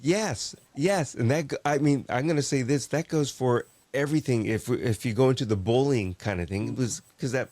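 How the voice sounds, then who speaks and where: A man's voice: medium pitch, normal speed, hardly any pauses, a little mellow, no echo. A man hosting a parenting podcast who reflects on his guest's stories and restates her points in his own words. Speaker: podcast host. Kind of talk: podcast interview conversation.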